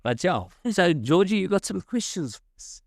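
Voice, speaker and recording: A man co-hosting a casual podcast chat, talking hesitantly with many pauses and restarts. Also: sits high, big pitch swings, vocal fry, no room sound, clean studio sound. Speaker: podcast co-host.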